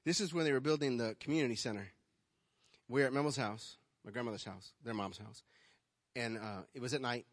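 A male pastor preaching a sermon, telling personal stories and swinging between soft asides and loud, emphatic calls to the congregation. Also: mid-range voice, fairly quick. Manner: storytelling, swings from quiet to loud. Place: church hall. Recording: long hall reverb.

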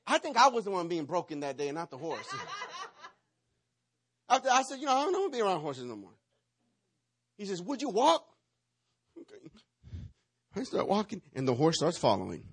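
A man's voice: high-pitched, wildly swooping pitch, normal speed, long pauses, slightly rough. A man preaching a sermon, telling a playful, dramatic story and acting out the parts. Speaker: pastor.

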